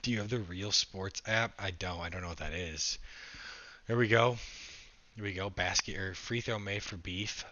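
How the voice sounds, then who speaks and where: A man's voice: sits low, normal speed, pushed and bright. A young man livestreaming a basketball game, calling the score and answering his chat, frustrated and casual. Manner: frustrated play-by-play, talks to chat. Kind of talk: casual live game reaction, reading chat. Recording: dull lo-fi stream audio.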